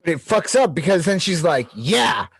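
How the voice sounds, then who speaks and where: A man co-hosting a podcast, chatting casually and acting out stories about his young daughter in an animated way. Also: brisk, breathy edge, no echo. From Pittsburgh, USA. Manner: animated, acts out his toddler daughter in a high voice. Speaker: podcast co-host. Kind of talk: casual chat.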